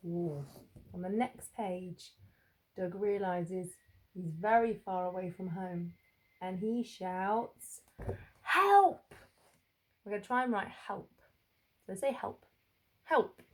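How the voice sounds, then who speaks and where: A woman teaching young children to spell, sounding out each letter slowly and carefully. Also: mid-range voice, a little mellow. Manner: slow, drawn-out sounding out of letters. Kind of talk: phonics lesson for young children.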